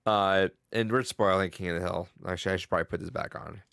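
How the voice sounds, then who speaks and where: A man's voice: sits low, fairly even intonation, gravelly, a bit bright, smooth, no echo. Young man, casual chat, laughs a lot, swears, dry close sound. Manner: loose, laughing, swearing, quick impressions. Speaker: podcast co-host.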